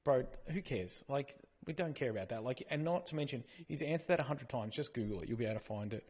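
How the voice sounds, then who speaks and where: A middle-aged man co-hosting a casual podcast, his voice mid-pitched with a husky grain. He talks bluntly and swears freely when he rants. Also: lively intonation, quick pace, darkish tone. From Australia. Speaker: podcast co-host. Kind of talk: casual chat.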